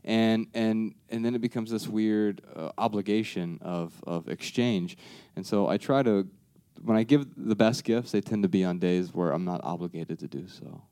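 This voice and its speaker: An American man speaking at a live Q&A, calmly explaining his view. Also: on the low side, normal speed, clear, resonant tone, no echo. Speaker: panelist and co-host of the Q&A. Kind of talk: live Q&A talk.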